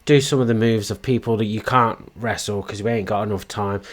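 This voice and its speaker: A man's voice: fairly low pitch, steady tone, a little fast. A man hosting a wrestling commentary show, talking in a blunt, frustrated casual rant with crude slang. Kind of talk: opinionated casual monologue.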